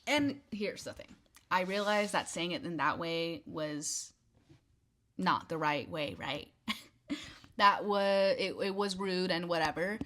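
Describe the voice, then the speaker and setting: Young woman telling an animated storytime. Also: fairly low pitch, takes it slowly. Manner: animated, petty retelling with acted quotes; drops to whispers for asides. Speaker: vlogger. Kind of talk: casual storytime.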